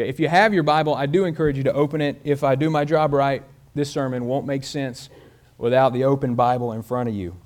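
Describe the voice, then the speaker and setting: A pastor delivers a sermon, with a voice pitched a bit above most men. He tells a story with changes of pace and loudness. He speaks straight to his congregation.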